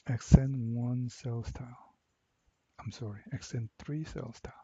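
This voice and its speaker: A man walking through a software assignment step by step, repeating each instruction slowly. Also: mid-range voice, fairly even intonation, breathy edge, no echo, muffled recording. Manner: slow, step-by-step, repeats cell names. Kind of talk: screen-recorded software tutorial.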